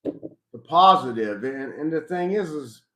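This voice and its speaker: A man's voice: on the high side, expressive, measured pace, fairly bright tone. Middle-aged man musing in an echoey room. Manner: reflective, rambling with restarts. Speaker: host. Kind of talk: casual live chat about faith. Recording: roomy echo.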